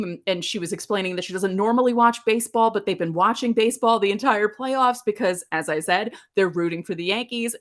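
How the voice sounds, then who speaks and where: A woman's voice: medium pitch, a bit bright. A woman in her thirties hosting a podcast, telling a nostalgic story in a chatty way with lots of asides. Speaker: podcast host. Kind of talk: casual solo podcast talk.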